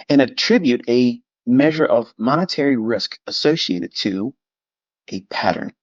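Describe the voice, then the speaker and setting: A man's voice: medium pitch, no echo, lo-fi sound. A man giving a blunt, lecture-style talk on trading, dismissive of critics, swearing and repeating himself. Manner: mimics critics in quoted asides. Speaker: trading educator.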